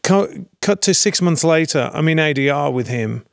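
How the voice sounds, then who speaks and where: British man, middle-aged, gravelly, slightly high voice, dry close sound, animated storyteller. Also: normal speed, no echo. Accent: British English. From Britain. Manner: animated storyteller, laughs often. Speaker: actor guest. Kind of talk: casual anecdote telling.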